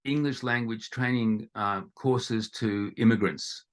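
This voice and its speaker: This is an Australian man in his fifties, speaking as an interview guest. His voice sits fairly low. He talks in a loose, rambling way, circling back and restarting his sentences. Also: slow. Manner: rambling, with frequent restarts and fillers. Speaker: guest, ESL teacher. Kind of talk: conversational interview.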